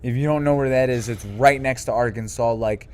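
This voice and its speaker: A man's voice: medium pitch, fairly quick, darkish tone. A man from St. Louis, Missouri, co-hosting a podcast in casual, profane, emphatic chat. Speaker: podcast co-host.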